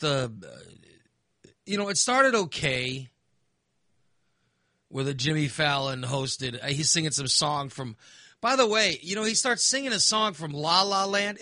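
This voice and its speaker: A man's voice: high-pitched, sharp tone, no echo, studio quality. A man ranting casually, exasperated and sarcastic, sounding fired up. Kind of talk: casual opinion rant.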